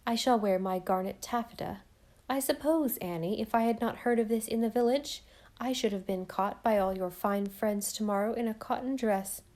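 A woman voicing a fussy, self-pitying older aunt who speaks in a slow, reproachful drawl. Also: on the high side, darkish tone, lightly acted.

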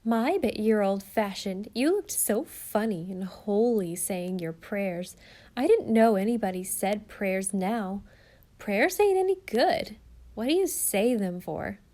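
A woman's voice: medium pitch, animated, slow pace, mellow. A woman doing a sulky, mocking young girl. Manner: scornful, sulky.

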